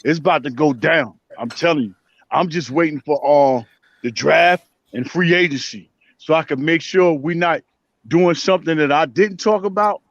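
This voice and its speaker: A man calling into a casual chat show, talking fast and animated. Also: a little high, dry recording. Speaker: caller. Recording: dull lo-fi phone call.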